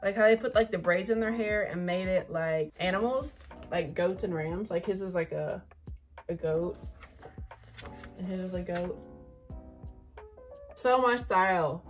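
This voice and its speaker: A young woman gushing over an album unboxing in casual chat, excitable, swearing and full of fillers. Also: lowish voice, moderate pace, soft background music.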